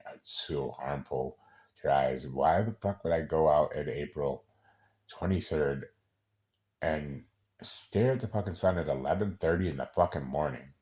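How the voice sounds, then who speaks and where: A man's voice: very deep voice, a little mellow. A man in a casual personal monologue who rambles, swears freely and keeps restarting his sentences. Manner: rambling and profane, with many halting restarts.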